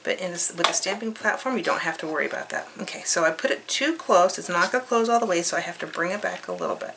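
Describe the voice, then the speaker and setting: Bright-voiced woman demonstrating a craft. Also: fairly low pitch, expressive, fast talker, a little hiss or hum, poor audio. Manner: chatty, cheerful, thinks aloud while working. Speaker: craft tutorial host.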